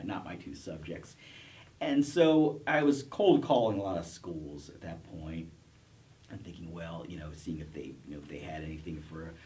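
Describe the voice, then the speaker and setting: A middle-aged male professor with a fairly low voice recounts his career in a casual interview at a college TV studio. He rambles, restarts, and chuckles at himself, picked up by a distant mic.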